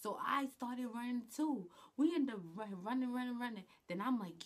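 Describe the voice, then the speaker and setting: A woman's voice: medium pitch, fairly quick, few pauses. A woman vlogger telling a personal story in a casual, blunt, slangy way, swearing often. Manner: blunt, slangy, swears a lot, animated retelling.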